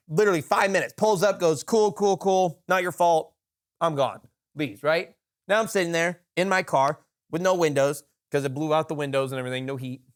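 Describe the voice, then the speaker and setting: Podcast co-host, a man with a high-pitched voice, swears freely and acts out the dialogue as he tells the story. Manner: profane, animated anecdote with quoted dialogue. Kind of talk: casual storytelling.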